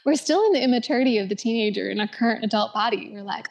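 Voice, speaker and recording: A woman's voice: a little high, lively intonation, quick pace, gravelly, hardly any pauses, highs cut off. A woman yoga instructor giving a casual, reflective self-help talk. She says "like" often, laughs easily and sometimes drops to a whisper.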